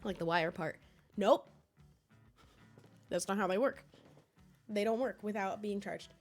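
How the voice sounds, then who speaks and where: A young woman streaming from home, chatting casually with viewers in a rambling, laughing way. She is hoarse, sniffly and coughing from a cold. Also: mid-range voice, unhurried, soft background music.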